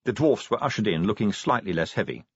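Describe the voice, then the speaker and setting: Husky-voiced male audiobook narrator. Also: on the low side, animated, quick pace, no echo, muffled recording.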